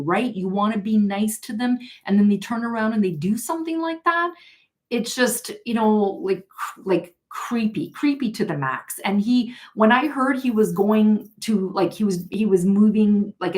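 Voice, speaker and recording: A woman hosting a tarot live stream, telling a story in a casual, chatty way and often laughing as she reads viewer comments. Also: mid-range voice. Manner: chatty, laughs often, many fillers and restarts.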